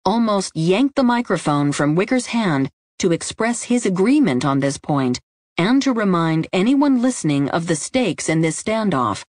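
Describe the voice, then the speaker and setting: Audiobook narrator, woman with a lowish voice, steady scripted delivery, dry booth sound. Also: normal speed, dry recording.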